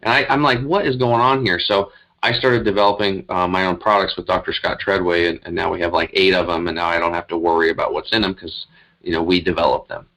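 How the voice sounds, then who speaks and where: Low-voiced man telling his story. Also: quick pace, poor audio. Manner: animated, rambling, emphatic retelling. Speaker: guest. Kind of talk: conversational storytelling.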